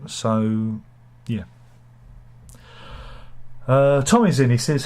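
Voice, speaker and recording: A man hosts a relaxed live chat with a slight cold and a cough in his throat. He rambles, restarts his sentences and fills the gaps with ums. His pitch sits in the usual middle range for a man. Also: moderate pace. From United Kingdom. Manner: rambling and hesitant, many fillers and restarts, jokey asides. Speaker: host of a live chat show. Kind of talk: casual opinionated chat, reading viewer comments.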